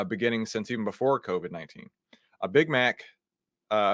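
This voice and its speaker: A man, hosting an energetic news commentary show, talking in an animated, incredulous, conversational way. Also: medium pitch, no echo, clean studio sound. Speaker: host.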